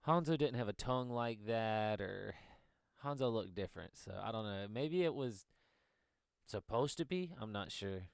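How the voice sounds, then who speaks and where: A man's voice: fairly low pitch, expressive, normal speed, gravelly, smooth, no echo, studio quality. A man co-hosting a casual gaming chat who laughs often and swears freely. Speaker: co-host.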